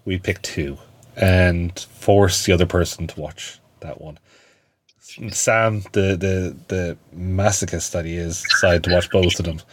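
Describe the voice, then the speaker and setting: A man's voice: low-pitched, steady tone, measured pace, a little hiss or hum. A man hosting a podcast, chatting casually and leading the segments like a friendly presenter. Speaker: podcast host. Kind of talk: casual chat.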